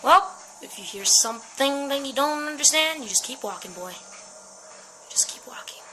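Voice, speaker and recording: A woman's voice: high-pitched, lively intonation, fairly quick, pushed and bright, a little hiss or hum, low-quality recording. A woman giving jumpy, swear-laden commentary while playing a horror game. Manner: jumpy, swearing, talks to herself. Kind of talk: let's-play commentary.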